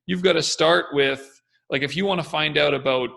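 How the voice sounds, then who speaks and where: A young man co-hosts a casual podcast discussion, his voice bright, forward, on the high side, with a noticeable gravelly fry, at normal speed. He explains ideas energetically and acts out confident and hesitant little voices to make his points.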